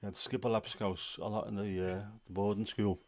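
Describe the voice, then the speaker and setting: Hosting a livestream, a man from Liverpool, England, chats with viewers in his Scouse accent, answering them casually and rambling with many fillers. His voice is fairly low, level and slightly mellow, a little fast, with a bit of hiss or hum in the recording.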